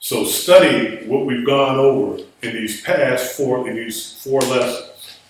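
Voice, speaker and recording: A man lectures a small class at a slow, deliberate pace, patiently spelling words out letter by letter. His voice is set at a middling pitch. He sits far from the microphone, and a heavy room echo surrounds every word. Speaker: Biblical Hebrew teacher. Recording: echoey room, voice far from mic.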